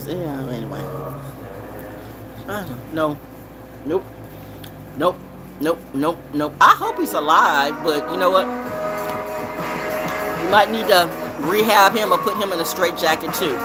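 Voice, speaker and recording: A woman tarot reader talks in a loose, confrontational freestyle, her pitch leaping all over the place. She drops from shouted lines to low mutters and loops rhymes. Music plays loudly behind her. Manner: swings from loud outbursts to low mutters, rhyming and repeating phrases; profane and confrontational. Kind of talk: rambling freestyle monologue with tarot reading.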